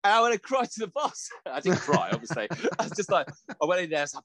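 Sweary animated man. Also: fairly high pitch, fast talker, few pauses, no room sound. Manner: sweary, animated storytelling with laughs. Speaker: podcast co-host. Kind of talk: casual chat.

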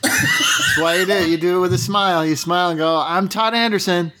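A man co-hosting a podcast, his slightly high voice jumping all over the place as he teases and asks dry, mocking questions. He speaks casually, often chuckling under his lines. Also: wildly swooping pitch, a little fast, sharp tone, a little hiss or hum. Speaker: podcast co-host.

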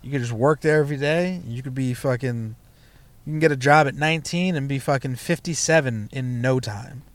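A man's voice: mid-range voice, fairly quick, dry recording. A young man, a stand-up comedian, telling a loose, profane story from his past in a casual chat, full of fillers like "you know" and "like". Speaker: comedian guest.

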